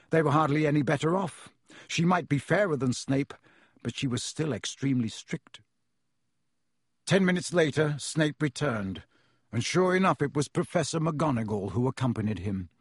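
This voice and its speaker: A man reading a storybook aloud in a measured, expressive way. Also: fairly high pitch, slightly rough, dry recording, studio quality. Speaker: audiobook narrator.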